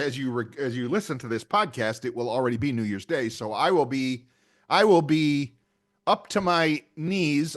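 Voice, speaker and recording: An older man co-hosting a podcast, chatty and often laughing. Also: on the high side. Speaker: podcast co-host. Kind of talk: casual chat.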